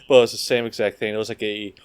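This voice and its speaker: A man chatting on a podcast, easygoing as he recounts movie scenes. His voice sits on the low side. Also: flat delivery, racing, clean tone. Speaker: podcast co-host. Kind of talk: casual chat.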